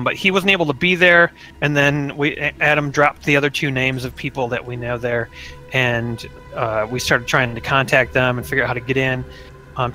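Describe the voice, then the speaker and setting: Male podcast co-host, bright tone, easygoing rambler, faint music bed. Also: medium pitch, rough recording. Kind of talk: casual storytelling chat.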